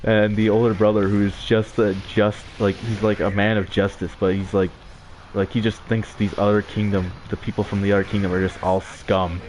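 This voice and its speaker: A man's voice: fairly low pitch, flat delivery, moderate pace, darkish tone, a little hiss or hum. A young man giving casual, rambling commentary over his gameplay, with frequent filler words and chuckles. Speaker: let's play gamer.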